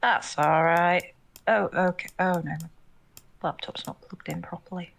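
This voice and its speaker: A woman's voice: fairly low pitch, steady tone, a little slow, vocal fry. A woman streaming a drawing game with friends, chatting casually, laughing at herself and reassuring the others. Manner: giggly, self-mocking, reassuring. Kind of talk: casual chat while playing a drawing game.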